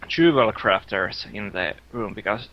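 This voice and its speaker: A man's voice: fairly low pitch, lively intonation, unhurried, slight background noise. A man playing a tabletop game, asking curious, chatty questions. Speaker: player. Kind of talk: casual tabletop play. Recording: muffled lo-fi mic.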